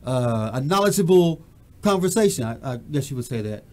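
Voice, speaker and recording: A man hosting a casual music talk show, speaking in a measured way with frequent stammering restarts. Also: medium pitch, animated, a little mellow. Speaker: host. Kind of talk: casual radio-style chat.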